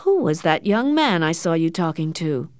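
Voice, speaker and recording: A woman's voice: low-pitched, sing-song, moderate pace, no room sound. A woman doing a dry, sarcastic doctor father. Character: sarcastic stern middle-aged father, a doctor.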